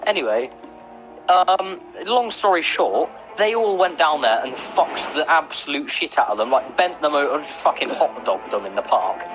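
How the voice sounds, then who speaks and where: A young man spins a story among friends, swearing freely as he goes. His voice sits a bit high and swings widely up and down, and music plays clearly underneath. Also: expressive, moderate pace, poor audio. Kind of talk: casual chat.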